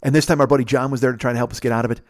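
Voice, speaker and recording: A man's voice: mid-range voice, fairly even intonation, racing, darkish tone, dry recording, clean studio sound. A man hosting a podcast, telling a story in a casual, rambling, profane way. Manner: profane, rambling, laid-back. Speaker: podcast host.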